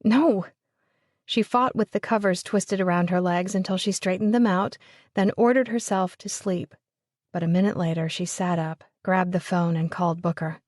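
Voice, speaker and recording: A woman's voice: on the low side, fairly even intonation, moderate pace, darkish tone, no room sound. Woman narrating a romance audiobook, dry. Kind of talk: scripted narration.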